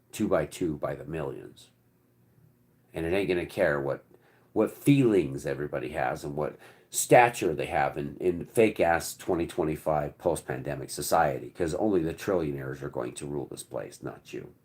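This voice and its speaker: Low-voiced man, rambling and preachy. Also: animated, normal speed. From United States. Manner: rambling and preachy, swings between loud outbursts and low murmurs; casual, swears. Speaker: channel host. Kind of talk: impassioned monologue.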